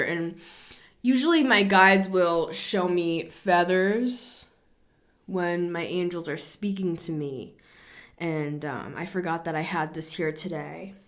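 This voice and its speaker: A middle-aged woman giving a casual tarot reading, rambling, repeating herself and building to excited emphasis. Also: fairly low pitch, slow pace. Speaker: tarot reader.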